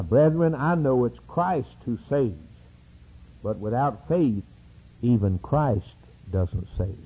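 A male preacher delivers a sermon at a slow, deliberate pace. His voice is husky and mellow, and his pitch swings widely from loud emphatic peaks down to hushed low phrases. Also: lively intonation, narrow, tinny audio. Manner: dramatic preaching with sweeping rises and drops.

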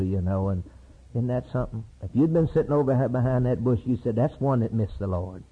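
A male preacher delivers a sermon, swinging from loud high cries to low hushed storytelling. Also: a little fast, breathy edge. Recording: tinny lo-fi sermon tape.

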